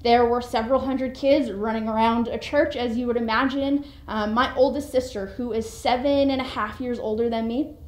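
A young millennial woman preaching a sermon in a chatty, conversational way with lively asides. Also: fairly high pitch, normal speed. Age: young adult. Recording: echoey room.

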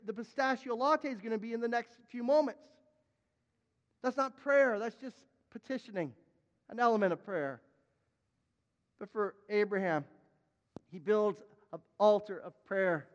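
A man preaching a sermon as a pastor, emphatic, repeating his words and now and then crying out loud. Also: extremely high pitch, big-room sound, lo-fi sound.

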